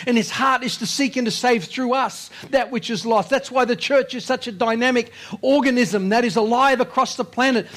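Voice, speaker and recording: A male pastor delivers an impassioned sermon, repeating phrases as he swings from loud exhortation to hushed, low lines.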